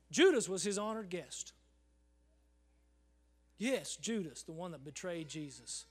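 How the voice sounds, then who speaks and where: A man preaching a sermon in a church service, swinging from loud calls to hushed near-whispers and calling "Amen?" to the congregation. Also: high voice, lively intonation, measured pace, pauses often. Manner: acts out congregants in quoted voices, asks the crowd "Amen?".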